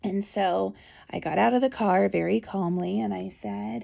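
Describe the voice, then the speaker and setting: A woman's voice: medium pitch, moderate pace, gravelly, warm tone. A woman hosting a podcast, telling a chatty, reassuring story about her own experience. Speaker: podcast host.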